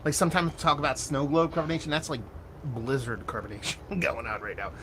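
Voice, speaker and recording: A man giving a casual, animated beer tasting review, excitable and self-mocking, with loose cursing. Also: mid-range voice, fast talker, noisy background.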